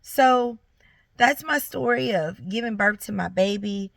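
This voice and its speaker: Earnest woman with a gravelly edge. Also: mid-range voice, a little slow, a bit bright, no echo. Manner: earnest, encouraging, speaks directly to viewers. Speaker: vlogger sharing her story. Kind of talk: heartfelt faith testimony to camera.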